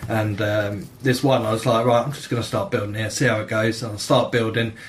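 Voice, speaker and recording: A man hosting a gaming podcast, telling game stories in a sweary, animated way and acting out the dialogue. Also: lowish voice, a little fast. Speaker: podcast host. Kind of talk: casual gaming chat.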